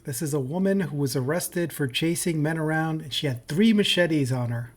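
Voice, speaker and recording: A man's voice: a little high, moderate pace, a little hiss or hum. Wry male podcast host. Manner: wry, joking. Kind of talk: commentary.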